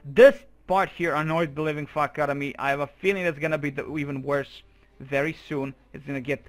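A man's voice: on the high side, fairly even intonation, a little fast, soft background music. A young man giving profane, exasperated running commentary while playing a strategy game. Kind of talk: let's play commentary.

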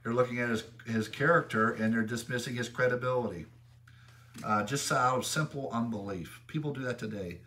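A man preaching an expository sermon as pastor, emphatic, rising in pitch and volume when he reads scripture aloud. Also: a little fast, sharp tone, recorded from a distance. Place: church sanctuary.

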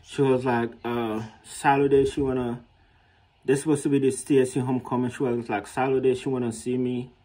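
A man vlogging in a casual storytelling way, animated and slangy, laughing often and acting out what others said in a raised voice. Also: medium pitch, a little fast. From Haiti.

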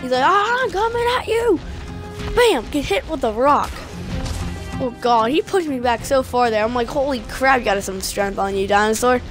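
A high-pitched woman talks through her gameplay in an excitable, casual way. She keeps retelling the action by quoting her own reactions, and music plays clearly behind her. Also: normal speed. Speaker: gaming video creator.

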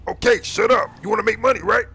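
A man's voice: high voice, fast talker, bright, forceful tone, slightly rough, full character voice. A man voicing a bossy street gang recruiter, full of slang, constantly calling others boy and man.

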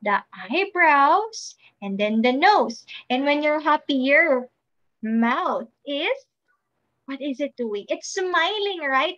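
A woman teaching a recorded preschool class, speaking in a slow, sing-song voice with rising questions to small children. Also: sits high, animated, fairly bright tone, highs cut off.

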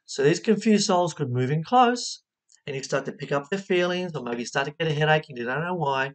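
A spiritual teacher giving a motivational talk, expressive and asking the listener questions. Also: mid-range voice, brisk.

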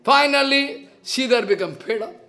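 A man's voice: very high voice, normal speed, bright, forceful tone. A man with an Indian accent, a spiritual teacher telling a devotional story in simple, broken English and acting out the dialogue.

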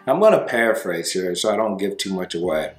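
A man's voice: low-pitched, sing-song, quick pace. Man, breakup coach, casual monologue, conversational, acts out dialogues, echoey room. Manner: conversational, tags lines with "right?" and "you know", acts out little dialogues. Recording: roomy sound with faint music.

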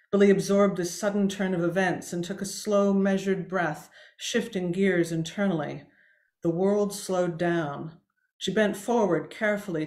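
A woman author reading a tense scene from her own novel aloud, measured and expressive, with occasional small slips. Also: on the low side, reverberant.

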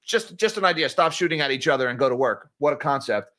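A man's voice: fairly high pitch, lively intonation, quick pace, sharp tone. A man commenting on finance and market news for viewers, reading headlines and adding sarcastic asides. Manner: sarcastic, informal, addresses viewers as guys.

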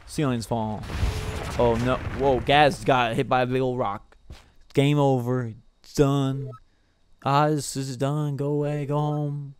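A man's voice: medium pitch, steady tone, slow pace, a little hiss or hum. A man playing through a game, narrating playfully and talking to the characters in goofy, rambling lines.

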